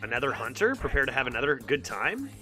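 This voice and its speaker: A man's voice: mid-range voice, very animated, fast talker, pushed and bright, faint music behind. A young man streaming a card game, talking casually and rambling, repeating words as he goes. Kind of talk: casual live game commentary.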